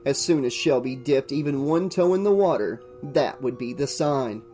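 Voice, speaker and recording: A channel host reading a horror novel aloud in steady audiobook narration. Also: medium pitch, normal speed, faint music behind. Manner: steady storytelling read.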